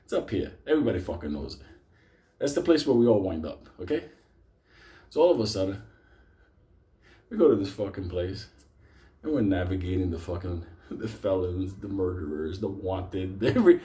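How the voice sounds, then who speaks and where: A man's voice: lowish voice, animated, moderate pace, darkish tone. Profane, laughing New storyteller man. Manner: swears constantly, laughs through his own story. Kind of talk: profane live storytelling to an audience.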